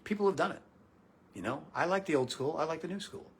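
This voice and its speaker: A man's voice: on the high side, lively intonation, fast, slight background noise. A man hosting a comedic political talk show, sarcastic and profane. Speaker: political commentator and show host.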